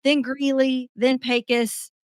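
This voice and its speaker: A young woman guest tells her story in easy, animated chat, laughing along the way. Her voice sits somewhat high. The sound is dry and close, with little room around it. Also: slow pace, clean tone, no room sound. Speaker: podcast guest. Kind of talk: casual storytelling.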